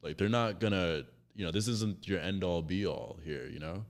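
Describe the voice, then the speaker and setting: Man, very deep voice, comedian, casual podcast chat, rambling, lots of "like" and "you know". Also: normal speed. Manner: rambling storyteller, many fillers. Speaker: stand-up comedian.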